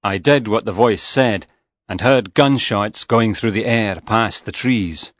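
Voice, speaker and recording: A man reading a first-person story aloud in a slow, measured and even way. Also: fairly low pitch, no room sound. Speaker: audiobook narrator.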